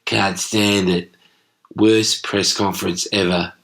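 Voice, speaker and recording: A man's voice: deep voice, little pitch movement, takes it slowly, creaky, fairly bright tone. A man, hosting a rugby podcast in a chatty, irreverent storytelling way. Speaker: podcast host. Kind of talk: casual rugby podcast monologue.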